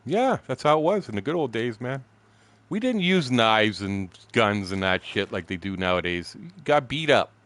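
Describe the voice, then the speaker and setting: A man's voice: mid-range voice, sing-song, moderate pace, a bit bright, no echo. A man in his sixties streaming a game, telling a rambling story full of profanity. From Windsor, Canada. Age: 60s. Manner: profane, blunt, chuckling storyteller. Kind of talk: rambling anecdote told while gaming.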